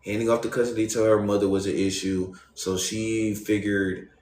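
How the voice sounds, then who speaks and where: A man's voice: lowish voice, flat delivery, moderate pace, a little mellow, a little hiss or hum. A young man streaming live, casually telling his viewers a personal story in loose, profane street slang and talking straight to them. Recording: roomy echo.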